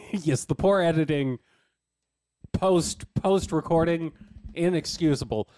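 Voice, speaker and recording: A man co-hosting a podcast, cracking dry deadpan jokes in casual chat. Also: on the high side, slow pace, dry recording. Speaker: podcast co-host.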